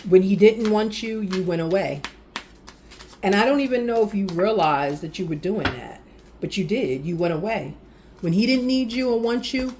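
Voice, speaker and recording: A woman giving a casual tarot reading, animated and speaking directly to the viewer with frequent affirmations. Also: on the low side, slight background noise. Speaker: tarot reader.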